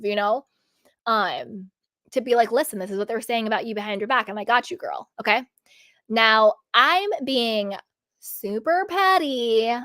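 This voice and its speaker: Woman, fairly high voice, sassy and opinionated, chatty reality TV recap, dry close sound. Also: fairly bright tone, dry recording. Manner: sassy, opinionated, rambling with "like" and "you know". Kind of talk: casual chatty TV review.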